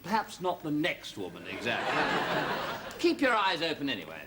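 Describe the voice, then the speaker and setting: An actor playing a jovial, roguish neighbour who chortles and talks in a hearty, knowing way, in a studio sitcom. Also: male voice, fairly high pitch, wildly swooping pitch, normal speed, very noisy.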